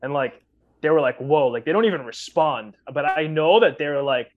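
A man's voice: fairly high pitch, animated, moderate pace. A man in casual conversation who rambles and acts out quoted exchanges as he tells stories. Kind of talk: casual chat. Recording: dull lo-fi sound.

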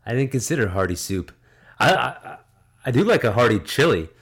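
A man co-hosting a casual comedy podcast, rambling with fillers and chiming in with quick reactions. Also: mid-range voice, sing-song, a bit bright, husky. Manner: rambling, laughs easily, lots of fillers. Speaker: podcast co-host.

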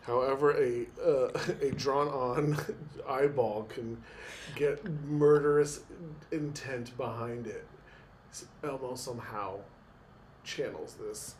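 A man's voice: mid-range voice, slow pace, a little mellow, a little hiss or hum. A man co-hosting a podcast, dropping wry, dry asides in casual chat. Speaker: podcast co-host.

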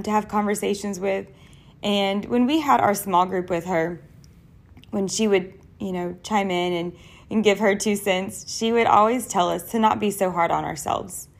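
A young adult woman speaks straight to listeners on her own podcast, earnest and personal in tone. Her conversational voice sits at a middle pitch as she carries the show alone.

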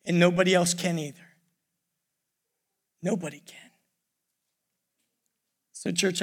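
An older man preaching a sermon in a church, pausing often and calling out "church". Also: sits high, fairly even intonation. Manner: preaching with many pauses, repeating "church". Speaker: pastor. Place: church sanctuary. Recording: worship music under the voice. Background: soft piano and keyboard.

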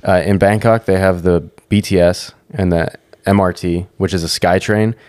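A man with a very deep voice talks on a podcast, loose and rambling. His speech is full of "like" and casual swearing, as if he were talking with a friend. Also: steady tone, normal speed, darkish tone.

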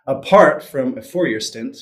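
A man's voice: medium pitch, expressive, measured pace. A man in his forties, raised between the US and Switzerland, talking casually as an interview guest, with many restarts and fillers. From Switzerland and US upbringing. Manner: hesitant, frequent restarts and fillers. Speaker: guest, sales executive.

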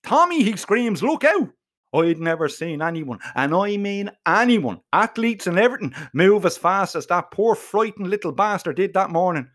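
A man's voice: sits high, moderate pace, few pauses. A man telling a comic first-person story, full of swearing and slang. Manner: profane, slangy, animated.

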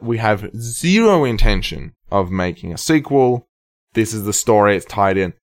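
A man's voice: lowish voice, sing-song, normal speed, no room sound, studio quality. A man co-hosting a casual film podcast, speaking thoughtfully with lots of ums and restarts. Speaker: podcast co-host.

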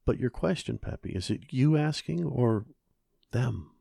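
A man reading the lines of a stern, grieving German mother, speaking quietly and in a clipped, restrained way. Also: medium pitch, expressive, measured pace, creaky, breathy edge, dry recording, clean studio sound, pitched above the performer's own voice, full character voice. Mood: tender.

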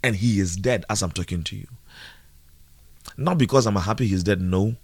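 A man preaching a live radio sermon, slow and earnest, repeating key phrases. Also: lowish voice, husky, dry recording.

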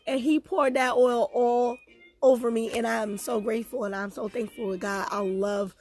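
A woman's voice: on the high side, normal speed, soft background music. A young woman hosting her own podcast, talking casually and animatedly to her listeners about her life, dating and faith. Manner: chatty, animated, giggly, addresses listeners as "y'all". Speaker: podcast host. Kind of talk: casual personal talk to listeners.

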